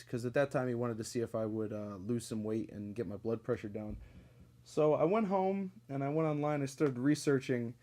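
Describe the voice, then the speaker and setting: A Connecticut man hosting a podcast tells long personal stories in a loose, wandering monologue, talking fairly fast with a warm, middle-pitched voice. He curses freely, laughs often, and fills his speech with lots of ums and uhs.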